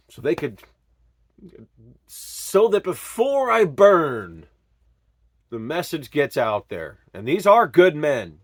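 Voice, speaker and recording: A man telling his own story in an earnest, emotional way, swinging from loud pleading to hushed murmurs. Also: a little high, big pitch swings, slow pace, gravelly, no room sound, clean studio sound. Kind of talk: personal storytelling monologue.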